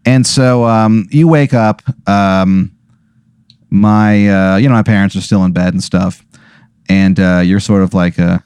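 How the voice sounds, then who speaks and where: A man's voice: low voice, steady tone, measured pace, darkish tone, clean tone, no echo. A man co-hosting a comedy podcast, telling a rambling improvised story full of fillers and restarts. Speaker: podcast co-host.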